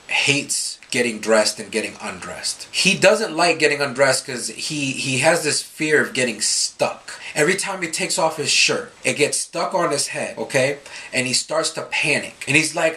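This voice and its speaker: A man's voice: mid-range voice, normal speed. A man giving a Scripture reflection for a youth ministry, telling stories animatedly and acting out the people he quotes. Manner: animated storytelling, quoting others in voices.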